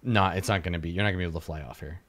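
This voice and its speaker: Lower-voiced man running a tabletop game. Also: racing, a bit bright. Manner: casual, restarts phrases while describing. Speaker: dungeon master.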